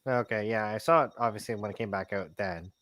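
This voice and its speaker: A man in a casual movie chat, rambling with many restarts and growing animated. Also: fairly low pitch, fast, dry recording. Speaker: podcast guest.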